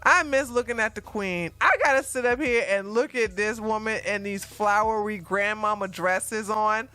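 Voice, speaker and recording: A woman's voice: medium pitch, normal speed, hardly any pauses, sharp tone, soft background music. A woman hosting her own news commentary vlog, talking casually and animatedly to her viewers and laughing often.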